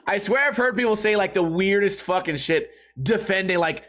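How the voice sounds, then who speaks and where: A man's voice: high voice, normal speed, hardly any pauses, fairly bright tone. A man hosting a podcast, rambling through a crude comedic monologue and laughing at his own jokes. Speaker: podcast host.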